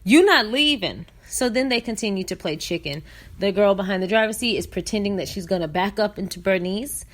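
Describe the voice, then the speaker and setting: A woman hosting a podcast, retelling a funny video in an animated way and breaking into laughter. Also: mid-range voice, brisk. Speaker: podcast host. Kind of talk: comedic story recap.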